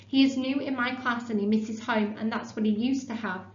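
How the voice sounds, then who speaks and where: A woman's voice: a little high, steady tone, normal speed, close to an everyday voice. A woman reading the lines of an earnest young child in a story. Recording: echoey, slightly dull, faint hum.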